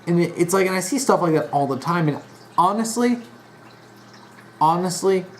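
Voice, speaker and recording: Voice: medium pitch, expressive, moderate pace. Rambling, exasperated young vlogger with faint noise. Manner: rambling, frequent restarts and fillers; exasperated, disappointed. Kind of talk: casual opinion monologue.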